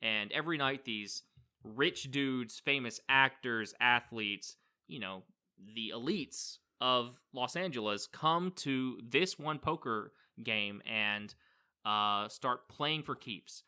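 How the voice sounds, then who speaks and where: A man rambles casually through a film recap on a podcast, dropping a swear word here and there. His voice sits at a middle pitch with a bright edge. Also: slow pace, clean tone. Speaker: podcast co-host. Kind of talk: casual movie review chat.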